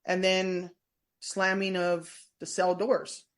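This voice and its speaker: Speaking slowly and with a flat delivery, this fairly low-voiced woman shares stories as a guest on a podcast. Once a prison staff member and now a tour guide, she chats casually, wanders off topic, and keeps starting her sentences over.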